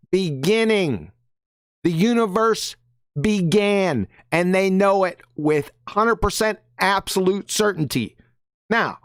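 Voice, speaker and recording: Reading quotes on a live stream, a host with a mid-range voice delivers emphatic, mocking, combative commentary and keeps ending lines with "right?". The recording is studio quality with no room sound.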